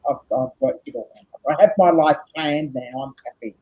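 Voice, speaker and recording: A tired woman hosting a casual live chat, laughing often and reading out viewers' comments in a husky voice. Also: sits low, moderate pace. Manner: chatty, laughs often, reads comments aloud. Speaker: host. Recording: dull lo-fi stream audio.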